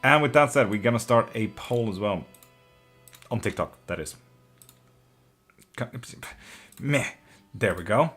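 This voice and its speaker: Slow and pausing often, a man with a fairly low, breathy-edged voice hosts a live tarot stream over faint music. He chats loosely and reads out comments, cursing freely, laughing frequently, and openly showing emotion and affection toward viewers.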